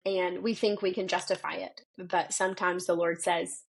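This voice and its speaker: A woman in her thirties, a children's pastor and podcast guest, telling a parenting story in animated conversation. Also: moderate pace, gravelly, breathy edge, rough recording. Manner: animated storyteller who acts out dialogue with pitch jumps. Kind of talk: conversational faith interview.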